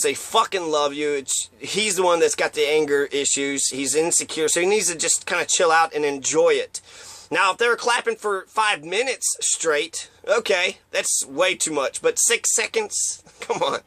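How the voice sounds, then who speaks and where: A man rants in a loose, rambling flow, swearing freely and slipping into mocking put-on voices. His voice sits high and sounds bright and edgy. The recording is dry and close, with no room sound. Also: dry recording. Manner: profane, rambling, mocks others with put-on voices. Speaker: commentator. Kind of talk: profane casual rant.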